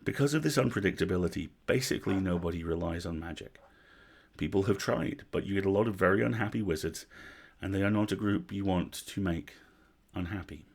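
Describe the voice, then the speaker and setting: A man reading a story aloud on a livestream, measured, with wry asides. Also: deep voice, gravelly, breathy edge. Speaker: story reader.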